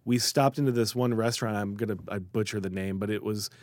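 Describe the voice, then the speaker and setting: A man's voice: on the low side, quick pace, no room sound. A man from the Chicago area, a guest writer, telling food stories in a casual interview and acting out the people he quotes. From Chicago area, USA. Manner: animated storyteller, quotes people in lively voices.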